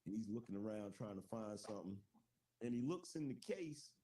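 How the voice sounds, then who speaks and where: A man's voice: on the low side, animated, fairly quick, mellow, slightly rough. A man casually telling a long joke to friends on a group call, loose and slangy, constantly checking in with "right?". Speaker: joke teller.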